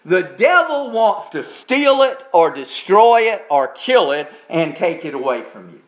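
High-voiced preacher man, slow emphatic delivery. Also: very animated, dull audio. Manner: preaching with slow, drawn-out emphasis on key words. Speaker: pastor. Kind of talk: sermon.

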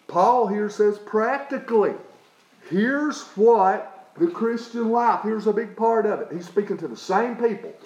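A man's voice: high voice, roomy sound, poor audio. A man from East Tennessee, preaching a sermon in a folksy way and often checking in with the listeners. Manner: folksy, often asks "okay?". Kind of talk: sermon with a personal story.

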